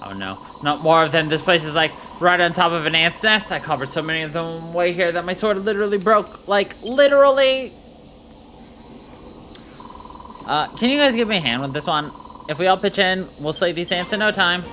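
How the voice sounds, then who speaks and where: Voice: medium pitch, expressive, brisk, pushed and bright, slight background noise, pitched above the performer's own voice. A streamer voicing a brash young female soldier with bubbly valley-girl slang, reading game dialogue aloud.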